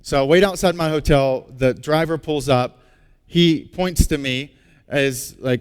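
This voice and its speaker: A male pastor preaching a sermon. He tells a personal story with animated energy, then turns hushed and earnest. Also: fairly high pitch, moderate pace, clear, resonant tone. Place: large church auditorium. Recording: long reverb of a large hall.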